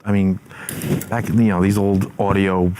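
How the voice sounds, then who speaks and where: Low-voiced easygoing male guest. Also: flat delivery, normal speed, background noise. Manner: easygoing, agreeable, many fillers. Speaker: guest, drum and playback tech. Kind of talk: casual interview chat.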